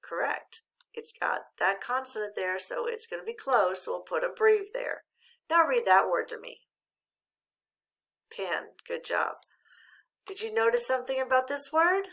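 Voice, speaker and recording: A woman's voice: medium pitch, lively intonation, unhurried, gravelly, fairly bright tone. A middle-aged woman teaching a patient, encouraging phonics lesson to a child. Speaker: reading teacher.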